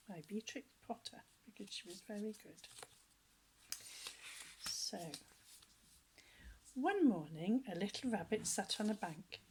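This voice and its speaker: A woman reading picture books aloud to children, gentle, with chatty asides and some lines whispered. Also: medium pitch, slight background noise, rough recording.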